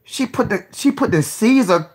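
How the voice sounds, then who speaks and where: A man hosting a casual live stream, joking, cursing freely, laughing often and giving shout-outs to viewers. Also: high-pitched, expressive, normal speed, slightly rough.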